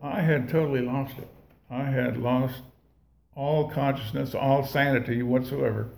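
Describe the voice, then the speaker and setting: With a creaky, darkish mid-range voice, this man recounts his recovery to a crowd, speaking a little slowly with fairly even intonation. It's casual storytelling, rambling, folksy and full of swearing and restarts, captured in an echoey room.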